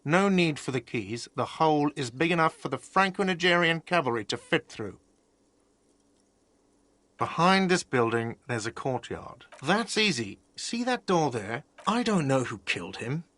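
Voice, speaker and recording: A prickly cafeteria manager in a video game, whiny and quick to take offense. His voice is bright and swings widely up and down as he snaps back with sarcasm. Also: fairly high pitch, husky, full character voice. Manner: touchy, sarcastic and defensive. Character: irritable, defensive male cafeteria manager.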